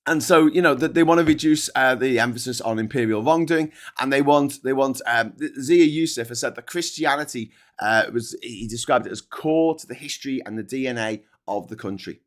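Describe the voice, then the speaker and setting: A man's voice: mid-range voice, brisk, few pauses. A man hosting a heated, sweary monologue, often stumbling over words and restarting. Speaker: host. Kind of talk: ranting monologue.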